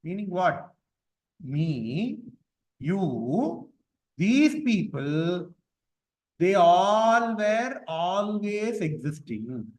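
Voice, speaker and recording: A man teaching a class on scripture verses. He explains each point patiently with repetition and chants the verses slowly. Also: sits high, sing-song, darkish tone, rough recording.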